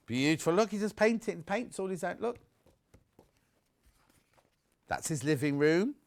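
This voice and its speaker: A chatty man hosting live TV sales, his voice sitting a little high and swooping up and down as he gets excited. He rambles from one aside to the next in a loose studio chat. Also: normal speed, gravelly. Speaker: shopping channel presenter.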